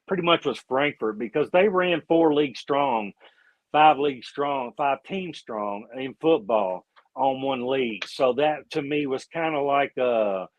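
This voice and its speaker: A man's voice: medium pitch, no echo, highs cut off. A man, a former youth football coach, telling profane, laughing stories in a casual podcast chat. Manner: profane, storytelling, laughs often.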